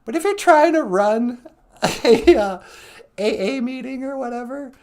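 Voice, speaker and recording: A woman hosting a show, telling comic stories as a monologue, animated and laughing often. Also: high-pitched, unhurried. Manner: animated storytelling with frequent laughs. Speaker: host. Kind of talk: comedic monologue.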